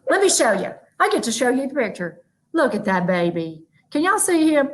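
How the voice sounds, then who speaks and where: A high-voiced woman with a Southern drawl delivers a motivational keynote. She tells her stories in a folksy, animated way and keeps turning to the audience with "y'all". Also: normal speed, poor audio. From North Mississippi. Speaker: motivational speaker. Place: virtual event from a room with a small audience.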